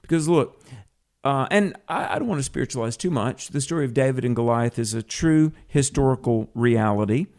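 With a lively, fairly quick, mid-range voice that's a little mellow, this man hosts live Christian talk radio from home, a cat near him. He chats upbeat, often filling pauses and restarting sentences.

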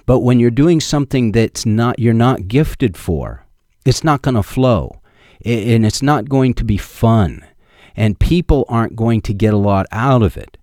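A man's voice: medium pitch, expressive, a little slow, a little mellow, no echo, clean studio sound. A middle-aged man preaching a sermon as a pastor, telling homespun stories with emphatic repeated lines.

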